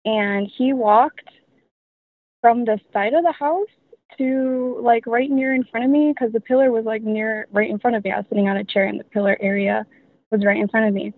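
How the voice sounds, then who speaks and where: A woman's voice: fairly high pitch, steady tone, moderate pace, no room sound. A young woman telling her story as a guest, rambling with many fillers. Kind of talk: casual storytelling. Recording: tinny dry phone line.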